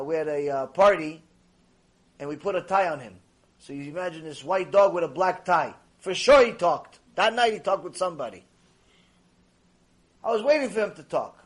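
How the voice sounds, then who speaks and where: Man, high-pitched, rabbi lecturing on Torah, playful storyteller who acts out voices. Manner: animated, acts out dialogue, conversational with Hebrew terms.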